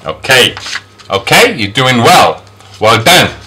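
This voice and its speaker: A man's voice: lively intonation, a little slow, bright, forceful tone, faint music behind. A man teaching English phonics, sounding out each sound and repeating the example words several times. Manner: pitch jumps up on model words. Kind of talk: phonics lesson.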